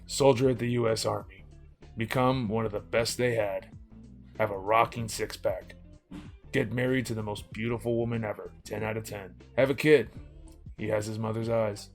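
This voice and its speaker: A man reading short comic stories aloud in a deadpan way, then chatting with a co-host. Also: lowish voice, moderate pace, gravelly, soft background music. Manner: deadpan reading, laughs at the punchlines. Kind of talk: comedic story reading with banter.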